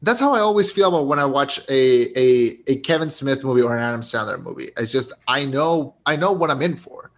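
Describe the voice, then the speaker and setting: A man's voice: medium pitch, very animated, a little fast, hardly any pauses. A young man co-hosting a casual movie review podcast, rambling with many restarts and frequent laughter. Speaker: podcast co-host.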